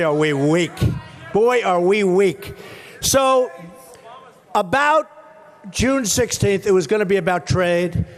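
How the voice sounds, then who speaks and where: Man with a high voice at a stage mic, rambling rally stump speech, repeats short punchy lines and shouts to the room. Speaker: political candidate at a rally. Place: large rally venue with a crowd. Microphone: stage microphone.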